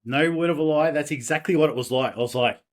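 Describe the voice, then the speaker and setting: An Australian man, a podcast guest, telling personal stories in a casual, animated way with laughs and restarts. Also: on the high side, fast talker. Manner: animated, laughing, self-deprecating, many restarts. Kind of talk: casual interview storytelling.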